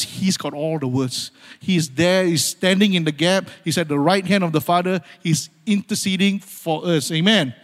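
A man delivers a sermon in a slightly high voice that carries a long reverb through a large hall. He moves between urgent, rising appeals and quiet, hushed moments, repeating key phrases and calling out amen. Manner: dramatic swings from loud urgency to hushed near-whispers. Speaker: pastor.

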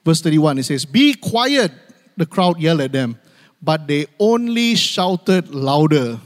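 A pastor preaches to his church in the sanctuary, calling for amens and repeating key phrases for emphasis. His voice is on the high side and unhurried, with a long hall reverb.

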